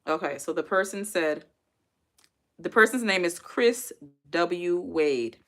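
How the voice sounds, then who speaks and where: A woman chats loosely with her live viewers and reads their comments aloud. Her voice sits a little low, and she talks in an easygoing, rambling way. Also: lively intonation, slow. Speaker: livestream host. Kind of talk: casual live-stream chat.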